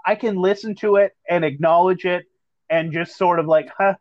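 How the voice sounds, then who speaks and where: A man co-hosting a casual podcast chat, telling stories in a profane, animated way. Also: high-pitched, moderate pace, no room sound, lo-fi sound. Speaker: podcast co-host.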